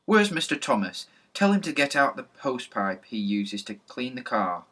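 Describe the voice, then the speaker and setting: A man voicing a bossy village policeman who barks orders and shouts at children. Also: medium pitch, moderate pace, lightly acted. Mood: gruff.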